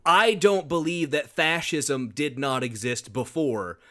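A man's voice: a little high, slow, fairly bright tone. A man hosting a casual discussion podcast, chatty and wry with frequent fillers. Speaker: podcast host.

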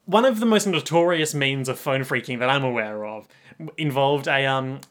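A man co-hosting a casual podcast chat about an anime, with a dry, wry deadpan delivery. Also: mid-range voice, moderate pace. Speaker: podcast co-host.

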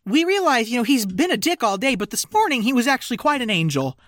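A woman's voice: on the high side, very animated, fast talker, dry recording, clean studio sound. A woman podcast co-host retelling a film scene by scene in casual chat. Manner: storytelling, enthusiastic.

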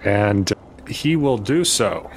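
A man playing a tabletop role-playing game, talking through his character's actions in a measured way. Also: lowish voice, animated, slight background noise. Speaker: player. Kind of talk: tabletop role-play session.

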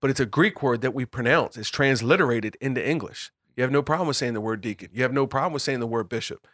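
A man of middle pitch talks through scripture with a small group in a loose, chatty way. He circles back on his words, restarts sentences and laughs easily while he explains. The sound is close and dry, with almost no room around it. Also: quick pace, a bit bright, no echo. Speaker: Bible study leader. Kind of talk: casual group Bible discussion.

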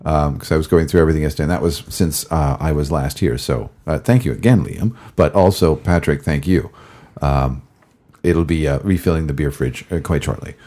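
Male podcast host, very low, husky and gravelly, rambly casual delivery. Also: brisk, dark tone. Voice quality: gravelly, recovering voice. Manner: rambling, many fillers and self-corrections. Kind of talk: casual hockey podcast chat.

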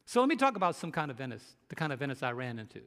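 A man's voice: medium pitch, very animated, rapid-fire, fairly bright tone, big-room sound. A male pastor preaching a sermon, emphatic and asking the congregation rhetorical questions.

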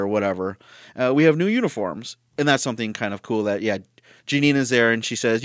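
A man's voice: medium pitch, animated, brisk, no echo. Man, casual cartoon review host, rambling, self-correcting, chuckly, dry close sound.

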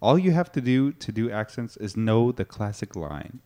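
A man playing a mock improv teacher in a comedy sketch, talking in a deadpan, instructive way. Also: fairly low pitch, normal speed.

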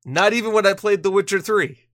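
A man's voice: high voice, a little fast, a bit bright, no echo. A tired man co-hosting a casual podcast. He jokes around, laughs often and restarts his sentences. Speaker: podcast co-host.

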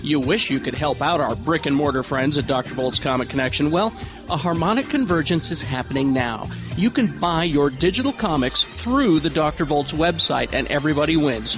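Jokey man hosting a podcast. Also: a little high. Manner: jokey, drives the segments. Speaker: podcast host. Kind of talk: casual podcast chat and ad read.

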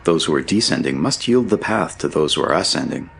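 A man reading an audiobook, voicing a stout, kindly older male mining engineer in a measured, courteous manner. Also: very deep voice, animated, vocal fry, a bit bright, breathy edge, heavily acted. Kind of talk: audiobook character voice.

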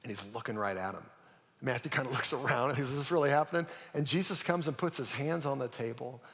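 A man preaching a sermon, telling a story with dramatic drops into a hush. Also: medium pitch, quick pace, in a large hall. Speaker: pastor. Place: church auditorium.

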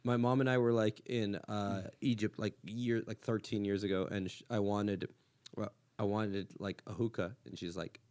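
A man in his thirties from Los Angeles with an American accent, hosting a podcast with crude, animated storytelling and frequent laughter. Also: fairly low pitch, moderate pace, clean tone. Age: 30s. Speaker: comedian podcast host. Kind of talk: casual podcast chat.

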